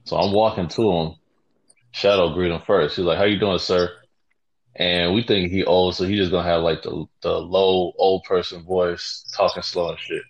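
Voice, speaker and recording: A man's voice: low-pitched, fairly even intonation, normal speed, husky. A man telling a work story in casual slang, laid-back and amused. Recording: dull lo-fi recording.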